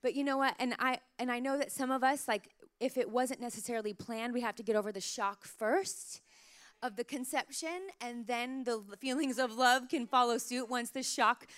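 Woman pastor in her thirties, sermon, a bit high-pitched, relaxed and chatty storytelling. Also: moderate pace. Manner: warm storytelling, chatty with many "like" fillers.

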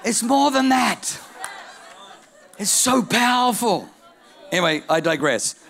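A middle-aged male pastor preaching a sermon, telling stories with energy and building to shouted declarations. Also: very high-pitched, big pitch swings, slow pace, creaky, a faint crowd.

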